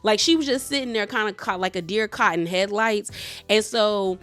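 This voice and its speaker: A woman's voice: medium pitch, moderate pace. Chatty slangy woman recapping reality TV. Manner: chatty, slangy, animated retelling of arguments. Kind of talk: casual recap commentary.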